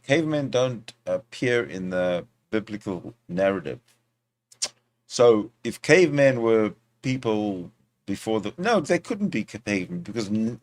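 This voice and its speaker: Man, streaming host with a lowish voice, loose rambling delivery, many fillers and restarts, talking into a desktop mic. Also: a little mellow. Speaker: livestream host. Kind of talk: casual rambling monologue.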